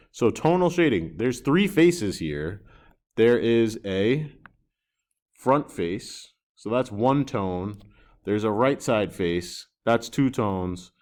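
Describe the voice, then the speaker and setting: A man teaching a recorded drawing lesson, chatty and self-deprecating, reacting aloud to his own sketches as he works. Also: mid-range voice.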